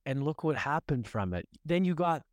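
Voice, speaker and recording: A man's voice: fairly high pitch, big pitch swings, moderate pace, no echo, studio quality. A man hosting a podcast, enthusiastic and affirming, talking casually and asking probing questions. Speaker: podcast host. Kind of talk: casual interview conversation.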